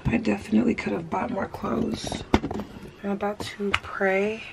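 A young woman, chatting excitedly to her viewers in a casual home vlog filmed on a phone. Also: medium pitch, measured pace, creaky, very noisy. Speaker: vlogger.

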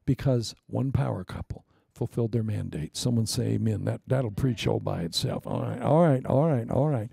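Man, pastor, sermon, gravelly, bit high, joking, shifts loud to soft, dry room. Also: moderate pace, hardly any pauses, no echo. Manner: lively, joking, swings between loud proclamations and quiet asides.

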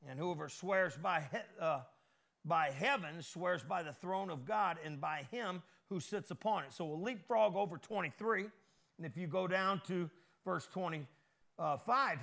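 A man preaching a sermon as pastor, folksy and lively, with call-and-response asides to the congregation and a Midwestern American accent. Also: a little high, creaky.

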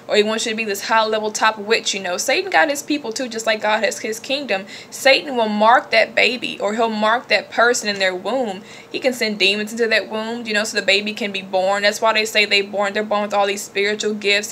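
A woman talks to her viewers in a loose, emphatic way, leaning hard on her points. Her tone is bright and forward. A faint hiss sits under the recording. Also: mid-range voice. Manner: animated, emphatic, chatty with laughs. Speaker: religious vlogger. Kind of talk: casual spiritual talk to camera.

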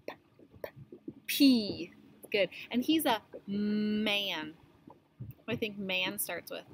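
A woman teaching young children the beginning sounds of words, slowly sounding out each letter and praising them. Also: mid-range voice, slight background noise, rough recording. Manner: slow, encouraging, sounds out letters. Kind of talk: phonics lesson for young children.

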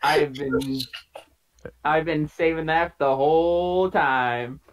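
A man's voice: fairly high pitch, slow. A man playing a party game over a video call, earnestly laying out his reasoning in long run-on sentences. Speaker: player. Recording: dull lo-fi call audio.

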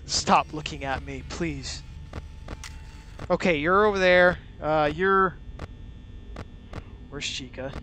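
A man's voice: a little high, takes it slowly, long pauses, sharp tone, a little hiss or hum. A young man nervously commentating a horror game, swearing, muttering and talking nonstop to cope with fear. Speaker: gaming channel host. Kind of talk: nervous let's-play commentary. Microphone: wearing a mask over the mouth.

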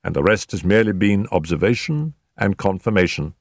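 An older man reading an audiobook, voicing a confident detective who speaks in a crisp, precise manner. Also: sits low, fairly quick, no room sound, clean studio sound. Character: man playing a brisk, confident male detective.

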